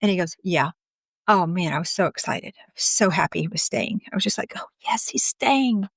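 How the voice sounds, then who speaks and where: A woman's voice: fairly low pitch, a little fast, a bit bright, slightly rough, dry recording, clean studio sound. A middle-aged woman candidly telling a personal story in a chatty way, acting out what people said. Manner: candid, chatty, acts out quoted speech. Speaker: guest telling her story.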